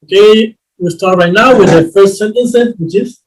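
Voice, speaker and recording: A man teaching an English lesson, reading drill sentences slowly and reassuring his students with many restarts. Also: high voice, rough recording. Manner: reassuring, repeats himself with restarts.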